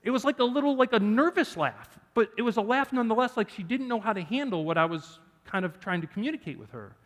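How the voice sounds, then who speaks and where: High-pitched and fast, a man preaches in a church sanctuary where the hall reverb rings. He animatedly jokes with the congregation as he relates a personal story.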